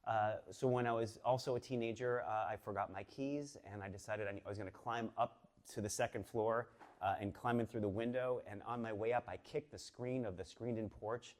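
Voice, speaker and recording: A man in his fifties from the Boston area, telling a personal story to a live audience in a chatty, animated way with many fillers and restarts. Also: fairly low pitch, a little fast. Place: stage before a live audience.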